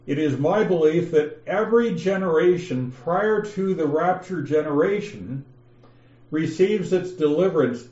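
Casting: unhurried male Bible teacher, dark mellow tone, echoey muffled call audio. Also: fairly high pitch. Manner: slow, methodical, reads passages aloud with emphasis. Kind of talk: scripture lesson over an online call.

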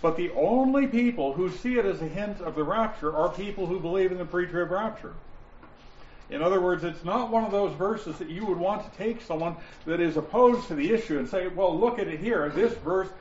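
A man teaching a Bible study class, explaining points deliberately and stressing key words, with listeners answering him. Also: high-pitched, darkish tone, slight background noise. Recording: roomy, dull lo-fi sound with faint ambience.

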